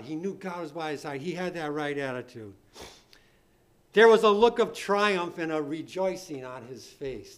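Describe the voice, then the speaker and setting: A man preaching a sermon, reading scripture aloud with rising emphasis and asking his listeners rhetorical questions. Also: a little high.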